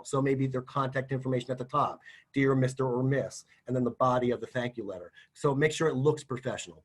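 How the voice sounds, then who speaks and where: A man's voice: mid-range voice, breathy edge. A middle-aged man giving practical job interview advice in a conversational, folksy way, often acting out sample lines. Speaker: career services presenter. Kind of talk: instructional talk.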